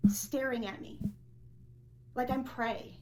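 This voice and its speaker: A woman's voice: on the high side, steady tone, slow pace, darkish tone, soft background music, rough recording. A woman venting in an agitated monologue, retelling a workplace clash and acting out every line of dialogue. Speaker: former assistant assessor. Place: indoors, filmed herself.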